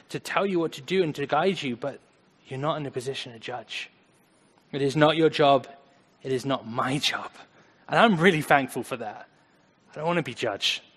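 A man preaching a conversational sermon, earnest, swinging between loud emphasis and quiet asides. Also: on the high side. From United States. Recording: long hall reverb.

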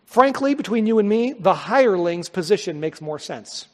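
High-voiced preacher in an echoing hall. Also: male voice, lively intonation. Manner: earnest, dynamic preaching with dramatic pauses and swells. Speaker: pastor. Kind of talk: sermon.

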